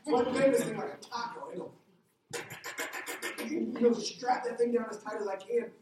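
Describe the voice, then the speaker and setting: A middle-aged man, a pastor, preaching a sermon with a lively personal story, his voice climbing when he gets excited. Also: moderate pace, recorded from a distance, a crowd in the background. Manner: animated storytelling, jumps higher when excited. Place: church hall. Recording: echoey hall, heard from afar.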